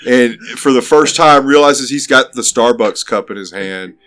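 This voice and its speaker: A man's voice: mid-range voice, moderate pace. A man from Texas joking around while playing a tabletop game. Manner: joking, animated. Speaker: player. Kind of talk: tabletop role-play.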